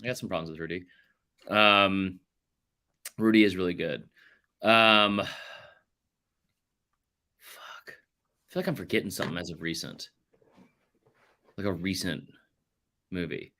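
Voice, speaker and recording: A man's voice: low-pitched, a little slow, long pauses, pushed and bright. A man hosting a casual sports podcast, ranting animatedly and swearing freely. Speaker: podcast host.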